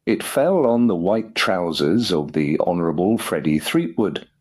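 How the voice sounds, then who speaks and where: Deep husky male audiobook narrator. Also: lively intonation, measured pace, darkish tone. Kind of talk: scripted audiobook narration for English learners.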